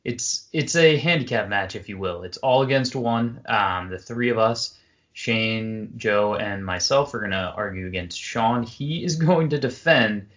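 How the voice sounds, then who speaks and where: A man's voice: fairly low pitch, highs cut off. Joking man in his twenties co-hosting. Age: 20s. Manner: joking, relaxed, halting. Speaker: podcast co-host. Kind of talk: casual podcast chat.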